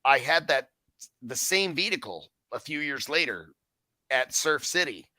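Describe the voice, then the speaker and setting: A man tells stories in a loose podcast chat, cursing freely and playing out each line of dialogue himself. His voice is very bright and forceful, and the recording is dry, with almost no room sound. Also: mid-range voice, a little slow, dry recording. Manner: profane, animated storyteller who acts out his own quotes. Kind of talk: casual storytelling chat.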